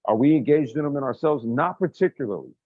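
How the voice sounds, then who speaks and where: A man's voice: medium pitch, expressive, fast, no room sound, phone-quality sound. A man co-hosting a podcast, talking casually as he brainstorms, rambling with frequent restarts and swearing. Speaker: podcast co-host.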